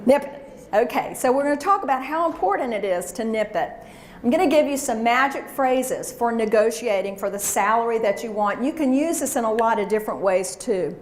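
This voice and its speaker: A woman's voice: fairly high pitch, slight background noise. A woman leading a workshop, coaching a live audience with energy and call-and-response chants. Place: large room with an audience. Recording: echoey room recording.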